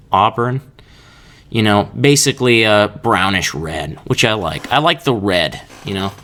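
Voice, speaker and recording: A man's voice: on the low side, gravelly, a bit bright. A young man hosting a casual solo podcast, rambling and joking with laughs between his thoughts. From Kansas. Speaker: podcast host.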